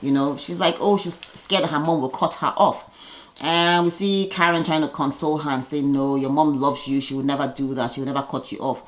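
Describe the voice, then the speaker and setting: A woman vlogger giving a chatty, opinionated recap of a reality TV episode, with lively jumps in her voice. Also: fairly quick, poor audio. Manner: lively, gossipy, opinionated with sudden pitch jumps.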